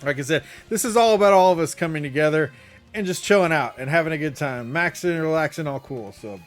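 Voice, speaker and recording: Man, co-host, casual podcast chat, animated and laughing, higher-pitched, light music under. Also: a little fast. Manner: animated, laughing, mock announcer bits.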